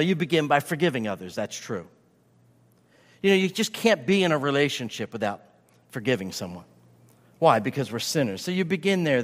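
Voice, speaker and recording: A man preaching with a fairly high voice, pressing his points home by saying them again and again. His words ring out with a long reverb, as if he is in a large hall. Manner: emphatic, repeats key phrases for stress. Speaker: pastor. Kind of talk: sermon.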